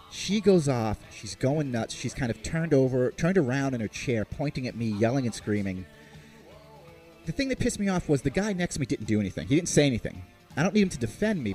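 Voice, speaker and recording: A man hosting a podcast spins sarcastic, profane stories with lots of swings in his pitch. His delivery is lively and comic. Faint guitar music plays softly behind him. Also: moderate pace. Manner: animated, sarcastic, swears freely. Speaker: podcast host.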